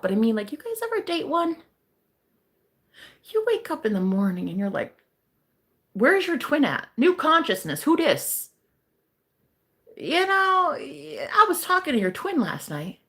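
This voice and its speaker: A woman with a high, slightly bright voice chats casually as a psychic streamer. She's brash and joking, often breaking into laughter, and is an adult who's been married eight and a half years.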